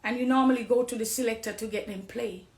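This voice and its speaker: Jamaican woman, middle-aged, high voice, preachy testimony, echoey room. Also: steady tone, fast. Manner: preachy, swings from hushed confiding to loud accusing. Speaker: dancehall artist on a live stream. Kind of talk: impassioned personal testimony.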